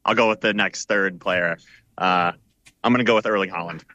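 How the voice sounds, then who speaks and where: A man's voice: low voice, brisk, sharp tone, no room sound. A man on a sports panel giving a playful, contrarian pick. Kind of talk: casual sports chat.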